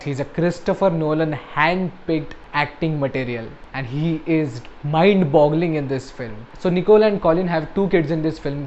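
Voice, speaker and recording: A man's voice: on the high side, a little hiss or hum. Chatty film reviewer, man. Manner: chatty, jokey, drops to a flat deadpan mutter for asides. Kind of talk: casual spoken film review. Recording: slightly dull home recording with faint ambience.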